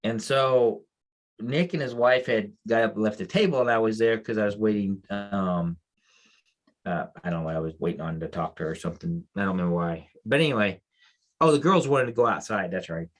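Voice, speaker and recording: A co-host of a veterans' podcast who advocates for mental health, this American man speaks a little fast in a lowish voice. His storytelling is casual and rambling, emotional, and full of restarts.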